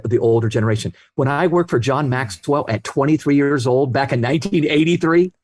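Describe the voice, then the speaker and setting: A man's voice: medium pitch, a little mellow, no room sound, clean studio sound. Earnest man in his sixties telling stories. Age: 60s. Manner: earnest anecdotes, acts out quoted voices. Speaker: guest author. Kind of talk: storytelling interview talk.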